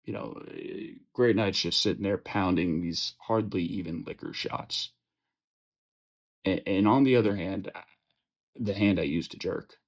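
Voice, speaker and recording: Young male podcast host, low-pitched, rambling and profane, dull lo-fi audio. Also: a little slow. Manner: profane, joking, rambling with many fillers and restarts. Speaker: fantasy football podcast host. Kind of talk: casual ranting chat.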